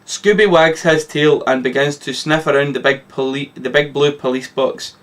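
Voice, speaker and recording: A man reading his own story aloud, with lively narration and occasional slips. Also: mid-range voice, normal speed, few pauses.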